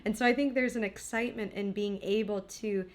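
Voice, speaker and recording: A woman co-hosts a relationship coaching podcast in relaxed, casual chat. Her voice sits in a middle range for a woman. She sounds reflective and encouraging and laughs along readily. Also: mid-range voice, a little fast, slight background noise.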